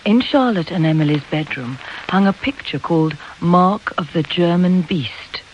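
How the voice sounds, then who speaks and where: Measured audiobook narrator, slightly lo-fi. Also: medium pitch, slight background noise. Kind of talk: scripted narration.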